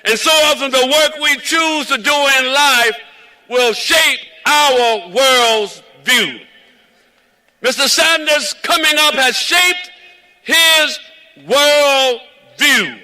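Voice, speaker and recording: Southern-drawl man, rally orator, bright high voice, slow preacherly cadence. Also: animated, low-quality recording. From South Carolina. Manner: preacherly, rhythmic repetition. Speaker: rally speaker. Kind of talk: outdoor rally speech. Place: outdoors in the cold at a rally. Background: cheering crowd.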